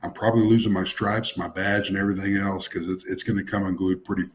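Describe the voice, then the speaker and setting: A man co-hosting a police livestream, ranting with swearing and quick apologies. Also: sits low, little pitch movement. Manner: ranting, profane, apologetic asides. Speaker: co-host. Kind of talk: casual livestream chat.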